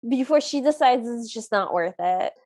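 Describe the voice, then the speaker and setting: A woman's voice: fairly high pitch, animated, moderate pace, darkish tone. A woman co-hosting a podcast in casual chat, earnest and openly opinionated about what she likes and dislikes. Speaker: podcast co-host.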